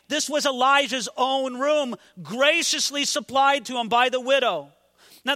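A man's voice: very high voice, sharp tone, long reverb tail. A man preaching a sermon with passion, his voice swelling and dropping for emphasis.

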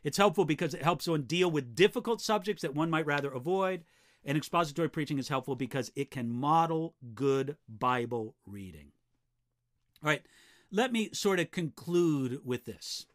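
A man's voice: on the high side, lively intonation, normal speed. A man giving an earnest, direct teaching talk to preachers and Bible teachers, often repeating a word as he starts a sentence. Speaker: preaching instructor.

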